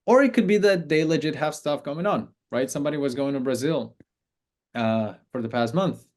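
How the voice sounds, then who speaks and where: A man's voice: medium pitch, lively intonation, moderate pace, darkish tone. A man coaching on client business in a casual, conversational talk, acting out sample messages.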